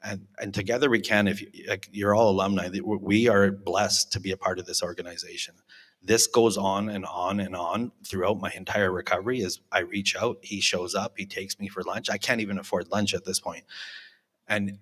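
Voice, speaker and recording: A man's voice: lowish voice, fairly bright tone. A man in his forties giving a candid, self-mocking recovery testimony to a live audience, acting out the people he quotes. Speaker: recovery alumni speaker. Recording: reverberant hall.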